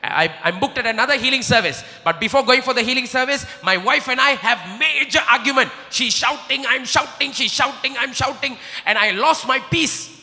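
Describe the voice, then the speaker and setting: A man's voice: very high voice, moderate pace, hardly any pauses, faint music behind. Impassioned preacher man in a reverberant hall. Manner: impassioned, swings from hushed prayer to shouting. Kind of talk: sermon.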